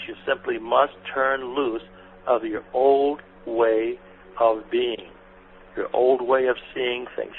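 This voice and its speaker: Man with a gravelly voice on a tinny radio line. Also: mid-range voice. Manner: soothing, repetitive, addresses listeners as honey and sweetie. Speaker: spiritual teacher answering listener questions. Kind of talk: gentle spoken guidance and Q&A. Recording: phone-like lo-fi radio recording with faint noise.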